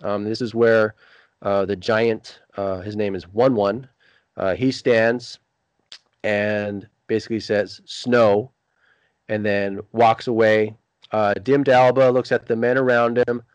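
A man's voice: on the low side, little pitch movement, measured pace, clean tone, no echo. A male podcast co-host recapping a TV episode, reading it out plainly with frequent fillers.

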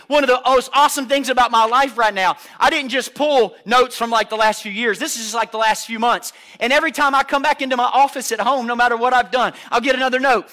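Brief: male preacher, high bright voice, emphatic and repetitive delivery. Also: brisk. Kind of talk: sermon.

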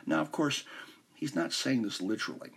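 A man's voice: medium pitch, expressive, moderate pace, gravelly, a bit bright, husky. A man hosting a podcast, explaining a philosophy text in an informal, conversational way and stumbling over names now and then. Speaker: podcast host. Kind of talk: casual explanatory podcast talk.

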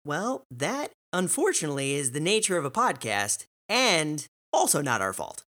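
A man's voice: on the high side, very animated, normal speed, sharp tone. A man hosting a casual gaming podcast, dry and teasing with his co-host. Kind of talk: casual chat.

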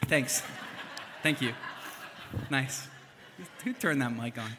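A young man preaching a casual sermon, chatty and animated, with fillers and asides. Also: mid-range voice, slow, noisy background. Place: church hall. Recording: long hall reverb.

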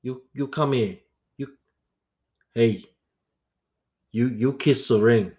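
Man impersonating an old mob boss, commanding, unhurried, slightly distant and strange in tone. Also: medium pitch, darkish tone, close to an everyday voice. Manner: slow, deliberate commands. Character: aging mafia boss, commanding and menacing.

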